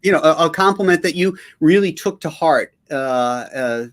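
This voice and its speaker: A man hosts a relaxed video call among friends, tossing out questions and ribbing his guests. His voice is high and swings widely as he talks. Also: normal speed. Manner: playful, teasing questioner. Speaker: host. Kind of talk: casual video call chat.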